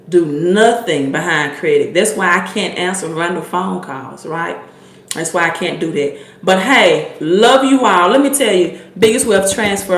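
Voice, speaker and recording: Woman, Mississippi Southern accent, livestream host, chatty coaching, lower voice, roomy echo. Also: fairly bright tone. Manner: chatty, coaching, repeats herself, addresses viewers as y'all. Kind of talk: casual livestream chat.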